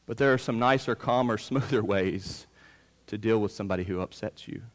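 A man in his thirties preaching a sermon, pushing loud on key points and dropping low between them. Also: brisk. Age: 30s. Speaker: pastor. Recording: long reverb of a large hall.

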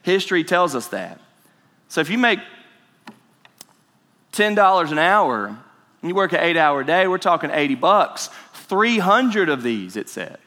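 Preacher in a reverberant hall. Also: male voice, on the high side, sing-song, measured pace, pauses often, bright, forceful tone. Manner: conversational preaching, asks the congregation questions, restarts words. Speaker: pastor. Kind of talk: sermon.

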